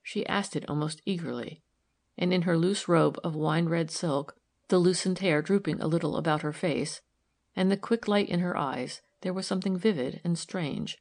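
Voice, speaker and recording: A woman narrating a novel aloud in a calm, even storytelling manner. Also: fairly low pitch, moderate pace. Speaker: audiobook narrator.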